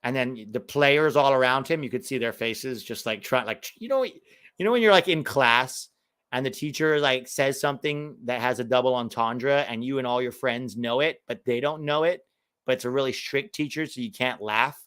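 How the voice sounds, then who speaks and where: A man's voice: medium pitch, normal speed, a bit bright, clean tone. An American man hosting a live match watch-along, chatting casually with a sarcastic, riffing manner between reactions to the game.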